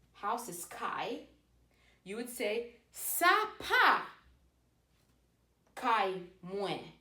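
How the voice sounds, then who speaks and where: A woman giving a casual language lesson, modeling phrases slowly and carefully. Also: mid-range voice, pushed and bright. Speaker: language teacher. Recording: echoey room.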